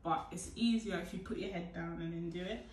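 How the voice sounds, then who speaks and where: A woman's voice: on the low side, a little fast, background noise. Young woman, casual tutorial chat, playful, far from the mic in an echoey room. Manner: chatty, playful, bursts of loud whoops. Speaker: hair tutorial vlogger. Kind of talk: casual how-to chat to camera.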